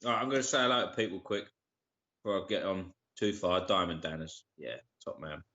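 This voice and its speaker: A sweary man chats on a casual live stream and shouts out viewers by name. His voice sits fairly low. The audio is dull and lo-fi. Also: brisk. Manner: sweary, greets viewers by name, uses slang like geezer and bruv. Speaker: livestream co-host.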